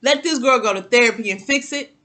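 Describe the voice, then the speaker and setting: Woman, casual TV recap chat, AAVE speech, animated, bright tone. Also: a little high, fairly quick. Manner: animated, talks straight to viewers, repeats words. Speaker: TV recap vlogger.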